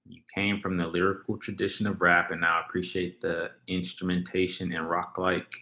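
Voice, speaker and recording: Low-voiced guy rambling on a livestream reading chat out loud, kinda bright tone. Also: level tone, moderate pace, reverberant. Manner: rambling, reads chat comments aloud. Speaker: livestream host.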